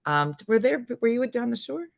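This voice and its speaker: A woman from New Jersey with a Jersey accent hosts a casual live morning stream. Her voice is a bit hoarse, and she rambles chattily and laughs at herself. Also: a little high, sing-song, moderate pace, no echo. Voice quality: slightly hoarse, husky. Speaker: morning show host.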